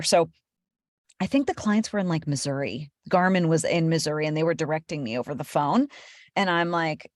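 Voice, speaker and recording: A woman with a mild rural New Jersey accent tells a story on a podcast, her voice on the low side. The sound is dry and close, and she laughs easily as she chats. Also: no echo. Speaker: voiceover coach. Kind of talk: casual chat.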